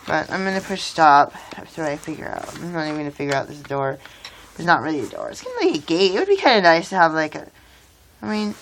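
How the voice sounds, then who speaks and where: A woman's voice: deep voice, slight background noise. A woman in her thirties rambling in a casual vlog while she builds with toy bricks. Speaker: vlogger.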